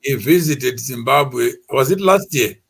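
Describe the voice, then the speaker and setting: A man with a husky voice, speaking as a guest in a measured, deliberate way. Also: medium pitch, expressive. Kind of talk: panel discussion.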